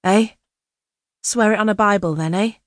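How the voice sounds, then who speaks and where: A woman's voice: medium pitch, moderate pace, no room sound, studio quality, voice pushed up, close to an everyday voice. A woman narrator voicing a sallow-cheeked male coach passenger who is suspicious and mocking. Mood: taunting.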